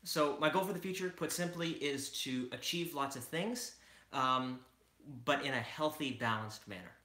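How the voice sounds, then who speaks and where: A man's voice: mid-range voice, normal speed, bright, forceful tone. A man as a livestream guest, speaking casually with hesitant fillers and dry humor. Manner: hesitant, lots of fillers, wry. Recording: echoey room.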